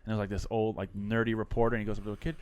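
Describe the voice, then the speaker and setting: A man's voice: on the low side, little pitch movement, very fast, a little mellow, clear, resonant tone, no echo. A man hosting a casual podcast, rambling between stories with lots of "you know" and "like". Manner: rambling, full of fillers, drifts between stories. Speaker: podcast host. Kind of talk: casual chat.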